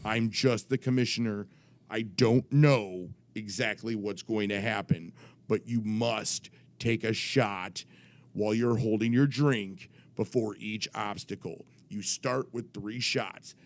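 Man doing a stern commissioner, low voice, flat insistent rule-reading. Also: slow. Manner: flat, insistent repetition of rules.

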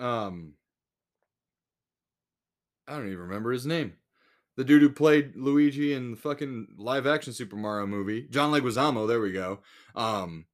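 A man hosting a podcast in a casual solo rant, blunt and full of swearing. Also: mid-range voice. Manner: profane, blunt, exasperated. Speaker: podcast host.

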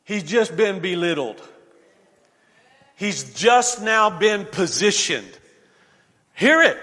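A man preaches with a high, bright voice that swings widely up and down, rising at times to shouts. He speaks slowly and with emphasis. The sound carries a long reverb, as if in a large hall. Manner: animated, building to shouts, folksy asides. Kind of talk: sermon reading and expounding scripture.

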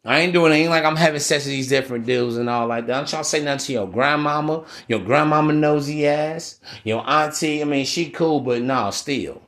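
A man's voice: a little high, a little fast, hardly any pauses, a bit bright. A man hosting a solo podcast, giving a profane, preachy rant in street slang aimed at his listeners. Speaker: podcast host.

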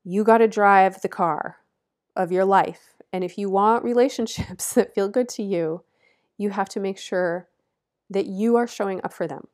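A woman's voice: medium pitch, normal speed, darkish tone. A woman astrologer giving an astrology forecast, earnest and encouraging, stressing her points with repeated instructions and laughing lightly between phrases.

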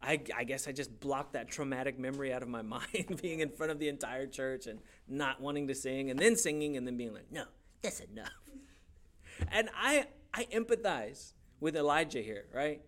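This young adult pastor talks a little fast in a mid-range voice, with hardly any pauses. Shaped by a Hispanic church upbringing, he tells sermon stories animatedly, using playful put-on voices.

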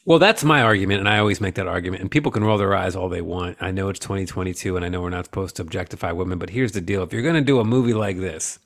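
A man's voice: sits low, very fast, few pauses, a bit bright. A man co-hosting a casual, profane movie-review chat, rambling and joking crudely. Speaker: podcast co-host.

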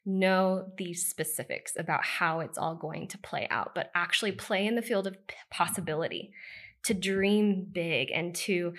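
A woman's voice: on the low side, moderate pace. A woman in her thirties from the United States speaks as a podcast guest. She tells her personal story in a candid, heartfelt way. Her speech is loose and conversational, full of "like" and "you know.".

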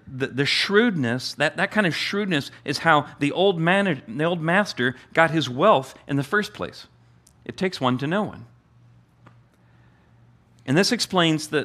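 A man, the church's pastor, delivering a sermon in a conversational way, often restarting phrases and repeating words for emphasis. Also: sharp tone. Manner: acts out the master's amused voice with a higher pitch.

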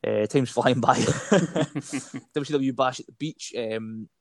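A man's voice: medium pitch, no echo. A man co-hosting a podcast, talking in an easygoing, rambling way with lots of ums. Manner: easygoing, rambling, many ums, chuckles often. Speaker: podcast co-host. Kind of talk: casual chat.

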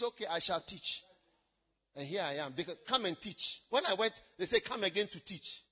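A man preaching a sermon in a church, shouting out points and then dropping low. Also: animated, normal speed, husky, lo-fi sound. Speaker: pastor.

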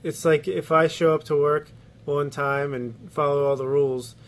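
A man's voice: on the high side, fairly even intonation, moderate pace. A man co-hosting a casual sports podcast, laughing often and giving blunt opinions with casual swearing. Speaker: podcast co-host.

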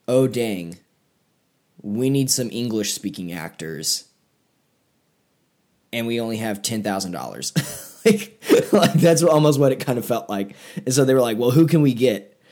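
A man co-hosting a podcast, talking in a rambling, casual way with many fillers. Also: mid-range voice. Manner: rambling, filler-heavy, animated when mocking. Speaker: podcast co-host. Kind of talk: casual chat.

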